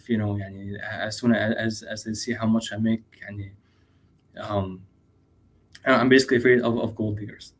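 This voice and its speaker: A man in his twenties from Lebanon calling in with a question, hesitating and repeating words often, with Arabic fillers mixed in. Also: mid-range voice. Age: 20s. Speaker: caller. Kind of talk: call-in question.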